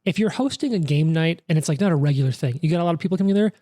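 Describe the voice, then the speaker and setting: A speaker on a tabletop game podcast going off on enthusiastic tangents, rushing ahead when excited. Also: medium pitch, no room sound, studio quality. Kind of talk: casual chat.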